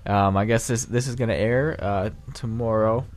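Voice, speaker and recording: Young male podcast host, low-pitched, joking, chatty banter. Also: fairly even intonation, normal speed. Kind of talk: casual banter.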